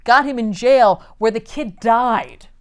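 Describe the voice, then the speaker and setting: A woman's voice: on the high side, slow. A woman co-hosting a casual chat, recapping a comic book's story and briefly acting out the characters' lines as she goes. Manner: animated storytelling, acting out quotes in passing. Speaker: podcast co-host recapping a comic.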